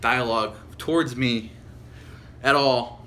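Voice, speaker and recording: A man's voice: medium pitch, slow pace, sharp tone, a little hiss or hum. A young man telling rambling, profane stories as co-host of a casual podcast. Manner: rambling storyteller, heavy swearing, mocking quoted voices. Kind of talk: casual chat.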